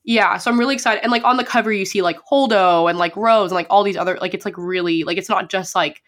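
A woman's voice: mid-range voice, fast, a bit bright. Young female podcast co-host, casual fangirl chat, peppered with "like", slight cold. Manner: gushing, heavy use of "like". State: sick with a sore throat.

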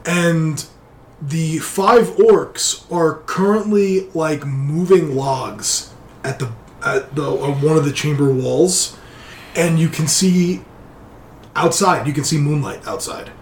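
A man's voice: on the high side, slow pace, a little hiss or hum. Man running a tabletop game. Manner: loose, filler-heavy scene-setting. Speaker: game master. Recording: roomy echo.

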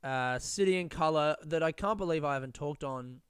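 A man with a fairly high, smooth voice hosts a solo podcast. He rants in a rambling, profane way and keeps restarting his sentences. The sound is close and dry. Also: moderate pace, no room sound. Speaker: podcast host. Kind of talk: casual solo podcast rant.

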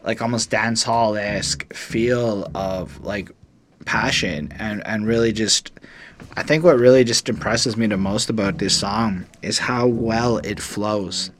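A man's voice: fairly low pitch, steady tone, unhurried, a little hiss or hum. A man casually reviewing a song on a podcast, rambling and enthusiastic, with lots of swearing. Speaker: music reviewer.

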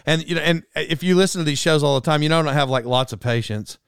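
Rambling man with a smooth, high voice. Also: fast, no room sound, studio quality. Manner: rambling, self-interrupting, animated. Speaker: comedy podcast host. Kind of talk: rambling comic monologue. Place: alone in a room.

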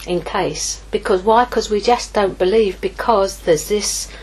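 A woman preaching a sermon, lively, moving from hushed asides to exclaiming. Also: medium pitch, measured pace, breathy edge, rough recording. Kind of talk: sermon teaching.

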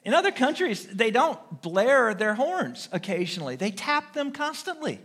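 A middle-aged American pastor delivers a sermon in a strikingly high, bright voice. His pitch swings widely as he tells humorous stories, acting out horn beeps along the way. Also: moderate pace, few pauses. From United States. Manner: animated, humorous storytelling with vocal sound effects.

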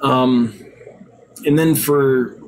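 A man's voice: medium pitch, steady tone, extremely slow. A tired man hosting a live stream, reading viewer usernames aloud and chatting casually, sometimes stumbling over words.

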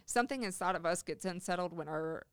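Calm counselor man, dry sound. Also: sits high, fast, clean tone, dry recording. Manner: calm, laughs often, acts out parent phrases. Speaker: parenting counselor. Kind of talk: podcast conversation.

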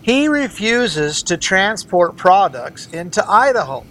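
A man's voice: high voice, sing-song, takes it slowly, pushed and bright, slight background noise. A man who is a candidate for governor, speaking as an interview guest and arguing his political views earnestly and emphatically. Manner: earnest, emphatic, argues in repeated phrases.

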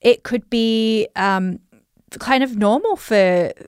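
A woman's voice: on the high side, takes it slowly, a little mellow, smooth, dry recording, studio quality. An Australian woman coaching listeners on money in a chatty, reflective way, with many fillers. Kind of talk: talking straight to listeners.

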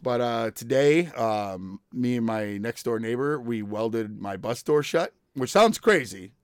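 A man's voice: mid-range voice, lively intonation, measured pace, clean tone, dry recording, clean studio sound. A man in his thirties hosting a podcast, telling stories in casual chat, laughing often and acting out quoted voices. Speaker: podcast host.

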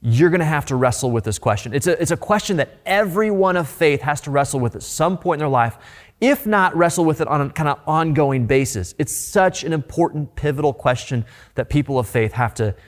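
Animated, conversational male preacher. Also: on the high side, brisk. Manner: animated, asks rhetorical questions; conversational, informal. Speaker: pastor. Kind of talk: sermon.

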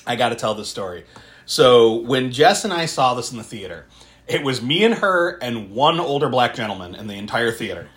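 A man co-hosting a podcast, retelling a horror movie in animated, laughing, swearing casual chat. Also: mid-range voice, normal speed. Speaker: podcast co-host.

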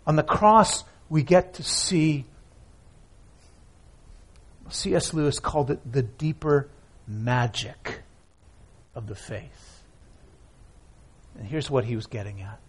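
A man preaching a sermon as pastor, reading scripture aloud and swinging from loud emphatic lines to hushed, near-whispered ones. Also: medium pitch, slow pace, long pauses, slightly rough. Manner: reads scripture aloud with feeling.

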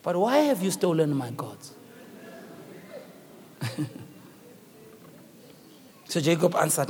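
A man with a South African accent preaching a sermon and telling the story dramatically, swinging from shouts to hushed tones. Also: a little high, big pitch swings, takes it slowly, pauses often, husky. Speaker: bishop preaching. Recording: long reverb of a church hall.

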